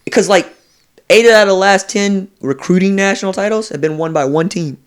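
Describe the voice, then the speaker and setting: A man in a casual sports podcast chat, telling recruiting stories with animated energy and slipping into quoted voices. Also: high-pitched, fairly quick, clear, resonant tone. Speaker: college football recruiting analyst.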